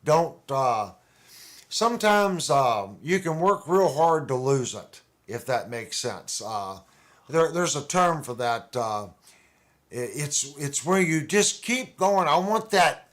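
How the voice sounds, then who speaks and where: A man's voice: mid-range voice, very animated, takes it slowly. A man hosting a casual livestream, chatting in a rambling, conversational way with restarts. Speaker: livestream host. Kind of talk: casual chat about guitars.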